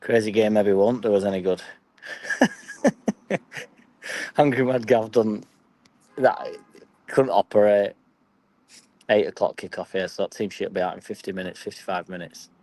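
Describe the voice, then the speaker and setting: A man's voice: lowish voice, steady tone, moderate pace, warm tone, poor audio. A young man with a Yorkshire accent chatting casually and swearing freely as he reads and answers his live stream chat. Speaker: football fan vlogger.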